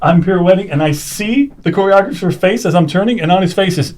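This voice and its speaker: A man telling an animated anecdote as a guest, acting out the quoted people with big leaps in pitch. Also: fairly quick, few pauses, very noisy. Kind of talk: animated storytelling.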